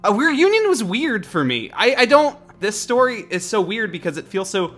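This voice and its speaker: Man co-host, bright tense tone, fairly high voice, thoughtful casual podcast talk. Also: very animated, normal speed, soft background music. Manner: thoughtful, searching for words, light laughs.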